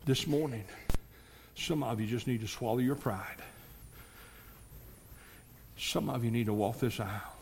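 A man's voice: mid-range voice, a little slow, pauses often, slight background noise. A man, preaching a fervent sermon and pressing his listeners directly. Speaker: pastor.

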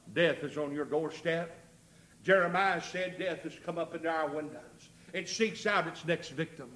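Preacher guy, high sharp voice, hollering then going quiet, full-on revival sermon. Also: moderate pace. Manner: impassioned, rising into shouts and dropping low.

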